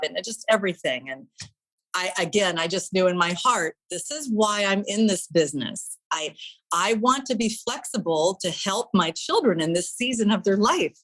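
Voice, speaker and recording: A woman's voice: medium pitch, expressive, normal speed, a bit bright, low-quality recording. A middle-aged woman, a guest in an interview, telling her story in an earnest, heartfelt way.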